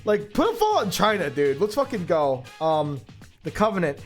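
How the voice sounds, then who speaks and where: A man chats on a livestream, rambling and cursing as he gets excited. His voice sits high and jumps around a lot. Soft music plays quietly underneath. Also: moderate pace. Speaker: streamer. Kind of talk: casual livestream chat.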